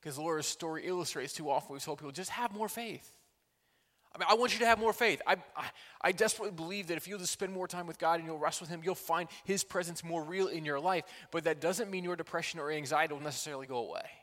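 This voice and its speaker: A man preaching a sermon as pastor, earnest, moving between loud pleading passages and quiet, intimate ones. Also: a little high, quick pace, few pauses. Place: church hall. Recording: long hall reverb.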